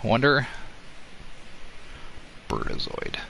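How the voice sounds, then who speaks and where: A man's voice: slow pace, pushed and bright, slight background noise, rough recording. A man giving casual, rambling gameplay commentary, full of fillers and swearing.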